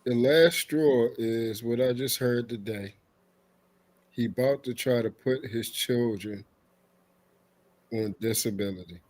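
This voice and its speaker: A man co-hosting a livestream, giving slow, emphatic comments in a casual chat. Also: medium pitch, a little mellow.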